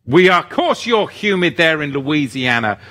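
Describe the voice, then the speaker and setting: Animated, fired-up male livestream host. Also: moderate pace. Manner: animated, gets fired up and swings his pitch. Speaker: host of a religious livestream, reading viewer comments. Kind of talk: casual livestream chat with scripture talk.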